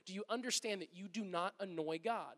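Briskly and in a high voice, a man in his thirties delivers a chatty sermon as pastor, animatedly playing out small everyday moments. A long reverb tail trails his words.

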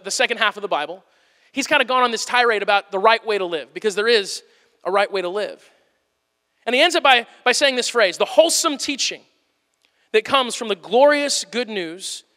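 A man preaching a conversational sermon to a live audience, animated and plain-spoken. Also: extremely high pitch. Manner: animated, plain-spoken, playfully acts out quotes. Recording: long hall reverb.

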